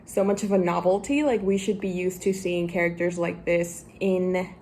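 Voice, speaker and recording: A young woman book vlogger chatting casually to camera, gushing and excitable, often laughing. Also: fairly low pitch, moderate pace, slight background noise. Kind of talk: casual vlog chat to camera.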